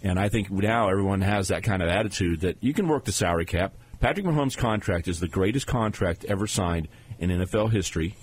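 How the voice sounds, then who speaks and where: A man with a husky, slightly low voice co-hosts a sports talk show. He breaks down plays and contracts in a steady, analytical way. The feel stays casual and conversational. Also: brisk, low-quality recording. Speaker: sports radio co-host.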